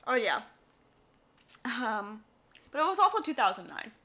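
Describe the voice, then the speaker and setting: A woman's voice: a little high, unhurried. A woman co-hosting a podcast in casual chat, telling stories animatedly and acting out what others said. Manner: animated storytelling, quotes others in voices. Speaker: podcast co-host.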